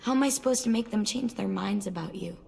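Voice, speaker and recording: A woman's voice: medium pitch, fast, vocal fry, a crowd in the background. Guarded teen survivor girl, blunt and worried; game dialogue with long reverb.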